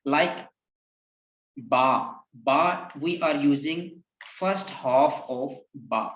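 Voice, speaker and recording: A male Quran reading teacher with a slightly high voice gives a slow recorded lesson, patiently repeating letter names for the learner to echo back in call-and-repeat drills. The lo-fi recording sounds roomy, echoey, and dull.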